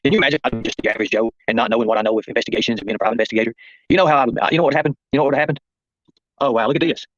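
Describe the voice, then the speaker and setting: A man rattles off a confrontational livestream monologue at a very fast clip. His voice sits at a middling pitch, and the sound is close and dry. The audio is dull and lo-fi. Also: a bit bright, no echo. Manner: confrontational, addresses viewers and chat by name. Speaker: livestream host.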